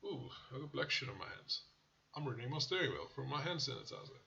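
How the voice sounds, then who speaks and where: A man with a gravelly, bright voice reviews car ads casually. He talks bluntly and swears freely, and he tends to drift into rants. The recording sounds slightly dull and lo-fi. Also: medium pitch, animated, fast, a little hiss or hum. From South Africa. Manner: blunt and profane, riffs into rants. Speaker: car channel host.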